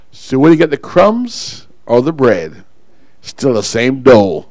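A pastor preaching a sermon to his congregation, calling people up front and pausing for call-and-response. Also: on the high side, huge pitch swings, no echo, poor audio.

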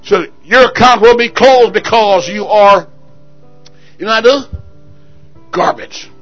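Male preacher, very high bright voice, shouts and rouses the church in call-and-response, soft music underneath. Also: a little slow. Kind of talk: fervent sermon. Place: church service.

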